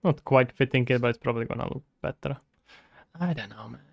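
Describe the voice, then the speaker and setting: Gravelly Czech-accented man streaming. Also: medium pitch, fast, no echo, highs cut off. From Czech Republic. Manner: chatty, joking, thinking aloud. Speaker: game developer streamer. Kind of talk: casual livestream chat.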